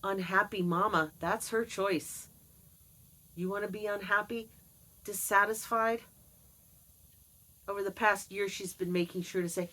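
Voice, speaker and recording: A woman in her fifties with a somewhat low voice speaks candidly and earnestly to her vlog audience. She drops in dry, wry asides between heavier thoughts. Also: steady tone, moderate pace, a bit bright, low-quality recording. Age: 50s. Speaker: vlogger. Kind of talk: personal confessional vlog.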